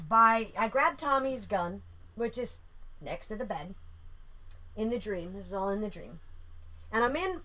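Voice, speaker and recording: A woman casually telling a story about a dream, animated and swearing freely. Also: on the high side.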